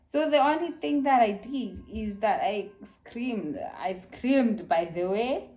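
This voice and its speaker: Young woman, animated storyteller, fairly high voice, casual vlog. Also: slow pace. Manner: animated, acts out her screams and quotes. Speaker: mother telling her birth story.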